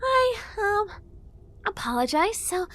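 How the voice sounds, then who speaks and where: Woman doing a high, stammering fairy girl. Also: sing-song, takes it slowly, a bit bright, heavily acted. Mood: pushy, flustered. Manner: stammering, sarcastic, wheedling. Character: pushy, flustered young female fairy. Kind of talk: audiobook character voice.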